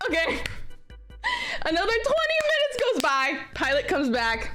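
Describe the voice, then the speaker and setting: Young woman ranting storytime to chat, high voice, all over the place, swears a lot, faint music behind. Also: normal speed. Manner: animated, swears a lot, swings from flat complaint to shrieking disbelief. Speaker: streamer. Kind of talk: casual storytime vlog.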